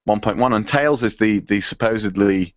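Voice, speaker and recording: A man's voice: on the low side, normal speed, no room sound. A man co-hosting a casual tech podcast, rambling and hesitant with lots of ums. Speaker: podcast co-host. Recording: dull, dry lo-fi sound.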